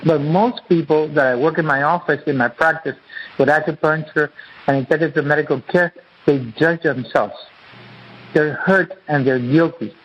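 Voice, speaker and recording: A man's voice: on the high side, normal speed, fairly bright tone, husky. Man, interview guest, earnest, repetitive, teacherly, lo-fi radio sound. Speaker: guest author and acupuncturist. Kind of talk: interview, explaining his teaching.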